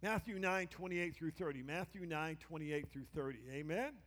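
A man with a strikingly high voice preaches a sermon to his congregation. He repeats key lines for emphasis and keeps calling on listeners to turn and respond. The sound carries a long hall reverb from the church sanctuary. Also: moderate pace, fairly bright tone. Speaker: pastor.

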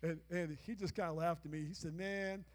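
Pastor, man in his 60s, high voice, sermon with call-and-response and sudden shouts, long church reverb. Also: steady tone, fast. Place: church sanctuary.

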